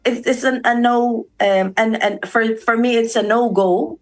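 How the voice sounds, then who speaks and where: A woman's voice: a little high, fairly even intonation, unhurried. A middle-aged woman from the Philippines with a Filipino accent, a radio show guest telling stories and acting out quoted voices, slipping into Tagalog. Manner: storytelling, acts out quoted voices, mixes in Tagalog. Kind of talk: conversational radio interview.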